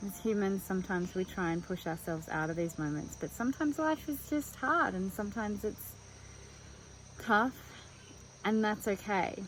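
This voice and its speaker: A woman's voice: medium pitch, normal speed, slight background noise, rough recording. A woman talking openly to the camera in a casual personal vlog, thinking aloud as she goes. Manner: chatty and open, thinking aloud. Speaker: vlogger.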